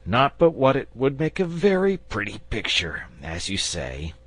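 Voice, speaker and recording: A man's voice: mid-range voice, wildly swooping pitch, measured pace, a bit bright, no echo, pitched above the performer's own voice, exaggerated voice. A man voicing a bored, coy, sociable male dragon, fussy and wry in manner.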